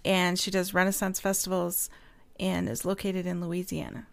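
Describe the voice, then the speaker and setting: A woman's voice: on the low side, little pitch movement, gravelly. A woman co-hosting a podcast, joking dryly and introducing a guest. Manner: dry teasing, slow delivery. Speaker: podcast co-host. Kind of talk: casual online show chat.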